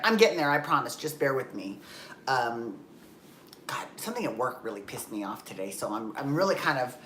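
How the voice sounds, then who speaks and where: A woman with a low voice talks casually to her viewers from home. She rambles, stumbles and restarts, and drops the odd curse. The room around her sounds echoey. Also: a bit bright, slight background noise. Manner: rambling, self-correcting, candid and swears. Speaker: vlogger. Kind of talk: casual chatty vlog. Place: home, just out of the shower.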